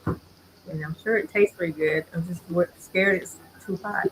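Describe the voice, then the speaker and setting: A woman chatting casually while tasting food, relaxed and savoring each bite. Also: lowish voice, background noise. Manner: slow, relaxed, savoring with hums.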